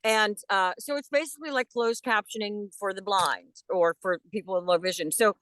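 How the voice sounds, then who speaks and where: Animated woman telling stories. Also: medium pitch, normal speed, dry recording. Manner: lively, animated storytelling. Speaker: guest actress. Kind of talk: casual interview chat.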